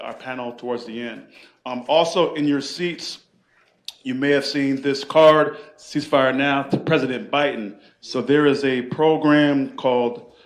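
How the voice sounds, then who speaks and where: Man moderating a live bookstore event. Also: mid-range voice. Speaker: panel moderator. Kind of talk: event moderation with call-and-response. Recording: echoey room.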